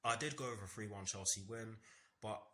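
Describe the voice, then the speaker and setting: A man's voice: on the low side, fairly quick, pushed and bright. A young man hosting a football fan vlog, talking earnestly in repetitive phrases with some stammering. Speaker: football fan channel host. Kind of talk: match preview vlog.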